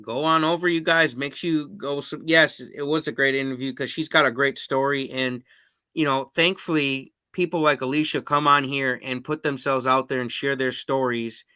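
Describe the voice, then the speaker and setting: A man's voice: medium pitch, fairly even intonation, normal speed, sharp tone, smooth, no room sound. A man hosting a casual live-stream interview, reading viewer comments aloud and laughing easily. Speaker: podcast host.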